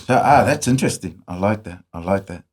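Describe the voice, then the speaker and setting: A man's voice: fairly low pitch, animated, a little fast. A man hosting a casual podcast interview, chatty and laughing easily. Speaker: podcast host.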